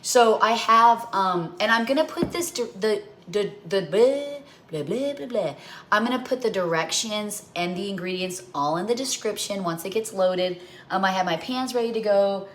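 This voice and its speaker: A woman's voice: mid-range voice, moderate pace, a bit bright, a little hiss or hum. A middle-aged woman hosting a home cooking livestream, rambling through stories while she talks viewers through a recipe.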